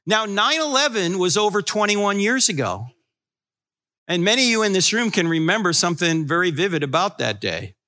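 Sixties male apologist with a high, bright voice; wisecracking storyteller for a room. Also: sing-song, normal speed. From New Jersey. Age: 60s. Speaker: Christian apologetics speaker. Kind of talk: humorous live talk to an audience. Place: room with a live audience.

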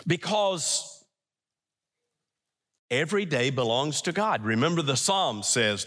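A man preaching a sermon as pastor in a church, emphatic, swinging between loud stresses and hushed lines. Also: fairly high pitch, sing-song, unhurried, long reverb tail.

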